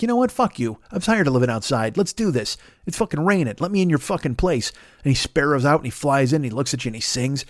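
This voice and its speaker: A middle-aged man doing a rambling, profane comedy monologue as a podcast host, full of restarts and animated rants. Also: mid-range voice, no echo, studio quality.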